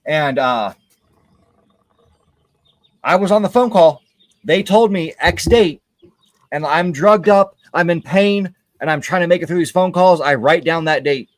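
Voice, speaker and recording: A man's voice: a little high, unhurried, long pauses, no room sound. Man, livestream gamer, casual chat, frank and rambling, hesitant, dry sound. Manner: candid, rambling, many hesitations. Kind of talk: casual chat while gaming.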